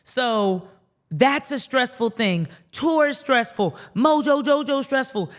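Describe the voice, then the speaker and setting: A young adult woman podcaster telling a heated callout story to camera, rapid and indignant, acting out what others said. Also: high-pitched, expressive. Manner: indignant, rapid storytelling, acts out quoted dialogue.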